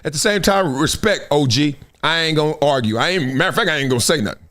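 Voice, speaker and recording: Animated, lively male sports talk host. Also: a little high, quick pace. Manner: animated storytelling, acts out quoted voices; laughs often between remarks. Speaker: show host. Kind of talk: live sports talk show.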